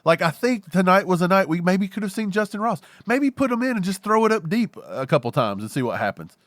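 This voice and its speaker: A man with a notably high voice runs through a heated, joking rant on a casual sports talk show. The recording is dry and close, with no room sound at all. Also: fairly quick, no room sound. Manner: animated, joking rants. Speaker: podcast co-host.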